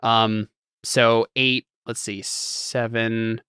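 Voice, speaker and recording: A man's voice: lowish voice, extremely slow, clean tone, dry recording, studio quality. A man acting as game master, chatting casually and explaining rules with restarts. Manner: relaxed, with restarts and laughs. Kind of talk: casual tabletop game narration.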